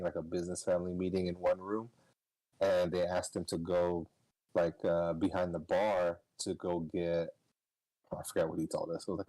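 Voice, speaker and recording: A young man on a podcast, casually telling a story, swearing and laughing, his voice jumping high when he gets excited. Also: no echo, rough recording. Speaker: podcast co-host.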